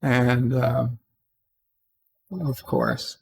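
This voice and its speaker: A man's voice: mid-range voice, fairly even intonation, extremely slow, gravelly, slightly rough. A man giving a casual spoken recap of a TV episode, rambling and hesitant with lots of fillers and sarcastic, exasperated asides. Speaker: TV episode reviewer.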